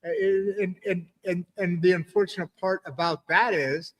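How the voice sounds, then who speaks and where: Halting, somewhat high-voiced male host. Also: a bit bright. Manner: halting, repeats words, enthusiastic agreement. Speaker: podcast host. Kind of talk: casual interview.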